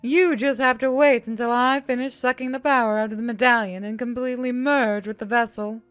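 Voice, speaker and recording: A woman's voice: on the high side, fairly even intonation, fairly bright tone, clean tone, dry recording, soft background music, pitched above the performer's own voice, natural voice. A woman putting on a gloating evil spirit. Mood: mocking. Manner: slow, theatrical, mocking. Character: gloating evil spirit possessing a young man.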